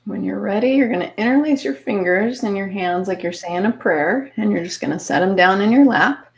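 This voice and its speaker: A woman leads a guided visualization exercise, talking listeners through each step. Her pace is calm and even, with an encouraging, coaching manner. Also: mid-range voice, a little fast, gravelly. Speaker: podcast host guiding an exercise.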